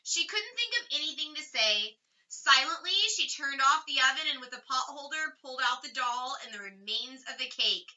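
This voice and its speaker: A woman reading a children's chapter book aloud with expressive, varied emphasis. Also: sits high, moderate pace. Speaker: reader. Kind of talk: storybook read-aloud. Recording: slightly distant dull lo-fi recording.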